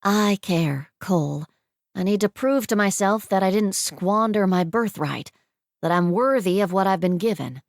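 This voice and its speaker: A woman's voice: medium pitch, unhurried, no room sound, clean studio sound, close to an everyday voice. A woman reading the part of a proud, stubborn young businesswoman who speaks in a firm, defiant way. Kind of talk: audiobook character voice.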